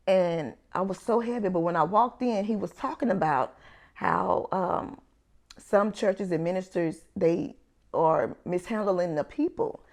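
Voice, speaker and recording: Woman, middle-aged, earnest spoken testimony, gravelly edge, mid pitch. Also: darkish tone. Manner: earnest, storytelling with quoted dialogue. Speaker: ministry founder sharing testimony. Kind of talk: personal testimony.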